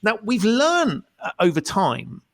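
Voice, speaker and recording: A man's voice: high-pitched, wildly swooping pitch, slow, fairly bright tone, no echo. A man hosting a podcast, reflecting on his guest's points in conversational commentary. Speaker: podcast host. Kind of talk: conversational interview.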